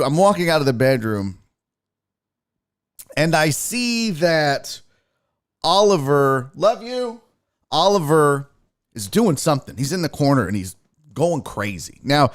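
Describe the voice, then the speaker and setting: A man hosting his own show, telling a rambling casual story and acting out the voices of himself and his cat. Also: medium pitch. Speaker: sports show host.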